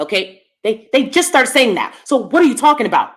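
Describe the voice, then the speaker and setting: A woman's voice: a little high, big pitch swings, fairly quick. A woman vlogger giving opinionated commentary to her viewers from downstairs at home, emphatic and repeating lines for effect.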